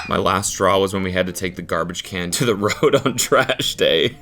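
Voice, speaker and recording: A man hosting comedic commentary, sarcastic and animated, who swears freely. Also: low-pitched, moderate pace. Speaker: host.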